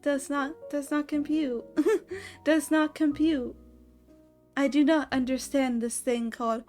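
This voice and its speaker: A stiff, clipped robot girl from a visual novel, as a woman streamer puts her on. Her delivery is mechanical and pitched a little high. Faint music plays behind her. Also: fairly even intonation, slow, a little mellow. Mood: robotic.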